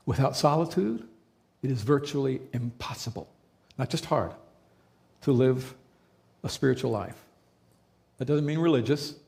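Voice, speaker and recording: Gravelly male pastor preaching conversationally. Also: mid-range voice, mellow. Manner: conversational preaching, repeats key phrases for emphasis. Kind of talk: sermon.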